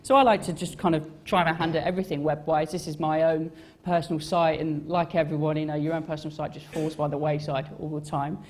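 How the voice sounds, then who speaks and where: On stage at a live event, a young man gives a casual talk about his design work, rambling and poking fun at himself with lots of fillers and restarts. He speaks fast, his voice a little high with little pitch movement.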